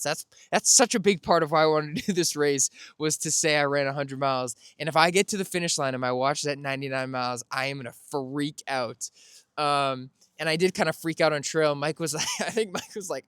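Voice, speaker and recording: Chatty man telling a story, smooth voice. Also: on the high side, a little fast, a bit bright, dry recording, clean studio sound. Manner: rambling, self-correcting, laughs while telling. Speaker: podcast host. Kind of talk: casual storytelling recap.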